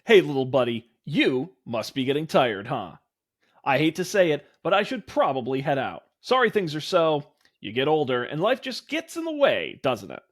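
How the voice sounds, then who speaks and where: A man's voice: on the high side, sing-song, moderate pace. A man voicing a friendly, laid-back dad from a dating game, reading his lines in an earnest, easygoing way. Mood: nostalgic.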